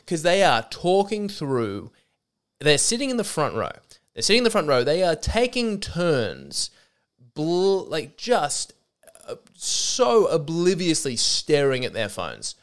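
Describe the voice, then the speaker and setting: A man's voice: on the high side, wildly swooping pitch, slow. A man, feeling a little sick, telling a rambling, sweary comedy story as a podcast host. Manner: rambling, self-interrupting, sweary.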